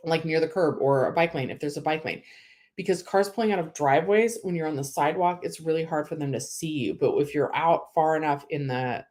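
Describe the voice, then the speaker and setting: A young woman from California hosting a casual livestream, reading viewer comments and chatting with lots of "like" and "um" fillers. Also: low voice. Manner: chatty, emotional, many "like" and "um" fillers.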